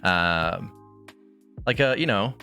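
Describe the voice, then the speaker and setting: Streamer, male, low and bright-toned voice, rambling reflective chat with viewers, faint music behind. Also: animated, slow, creaky. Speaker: streamer reading a book aloud. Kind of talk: casual livestream chat and book reading. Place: bedroom.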